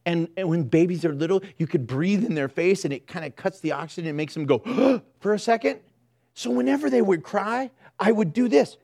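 High, gravelly-voiced joking preacher man. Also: lively intonation, a little fast, darkish tone. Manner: joking, self-mocking storytelling. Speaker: pastor. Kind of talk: sermon.

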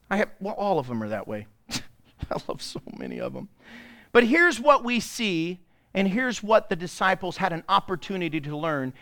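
A man preaching a Pentecostal sermon in a church, animated, dropping into quiet asides and rising into loud bursts as he prods the congregation to answer. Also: high voice, clean tone. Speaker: pastor. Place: church sanctuary before a congregation.

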